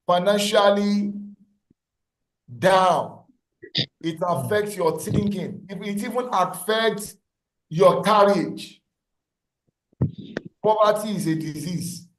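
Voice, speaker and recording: Male lecturer on a video call, high voice, repeats points for emphasis. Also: fairly bright tone, echoey room, rough recording. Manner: repeats key phrases, asks class questions. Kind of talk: online class lecture.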